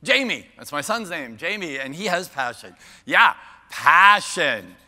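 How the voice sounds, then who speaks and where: A man's voice: fairly high pitch, big pitch swings, a little fast, pushed and bright. An older man giving a keynote talk, playful and self-mocking, bantering with the audience by name. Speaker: keynote speaker. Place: large conference hall. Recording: long hall reverb.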